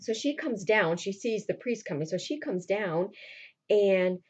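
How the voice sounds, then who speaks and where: A woman's voice: mid-range voice, animated, measured pace, slightly rough. Chatty woman teacher retelling a play. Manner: chatty, with frequent fillers and check-ins. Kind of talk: casual retelling of a play for a class. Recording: dull lo-fi recording.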